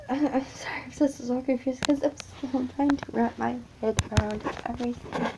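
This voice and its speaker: A woman tells a horror story in the first person, halting and frightened, slipping into whispers. Her voice sits a little high but mellow and dark in tone. She speaks very slowly, with a faint hiss of noise behind her. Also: low-quality recording.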